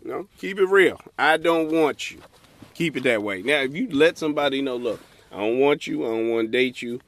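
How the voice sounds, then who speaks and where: A man's voice: medium pitch, lively intonation, brisk, fairly bright tone. A man hosting a comedy podcast, delivering a blunt, profane, advice-giving monologue and acting out quoted voices. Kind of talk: stand-up style comic monologue.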